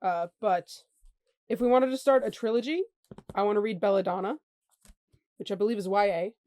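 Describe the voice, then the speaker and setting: Woman in a book chat on a video call, wry, kinda thinks out loud, dry sound. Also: mid-range voice, normal speed, no echo. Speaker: book club co-host. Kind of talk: casual chat.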